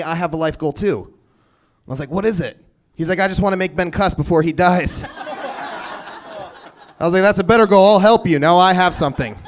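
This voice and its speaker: A man in his thirties doing a stand-up comedy set, telling stories deadpan with sudden loud bursts. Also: high voice. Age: 30s. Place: comedy stage before a live audience.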